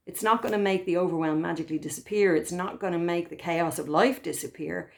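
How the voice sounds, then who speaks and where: A gentle woman talks things through as a therapist, calm and thoughtful. Her speech moves in soft, unhurried phrases, and she often pauses to find the right word. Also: lowish voice, gravelly. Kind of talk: reflective spoken talk to camera.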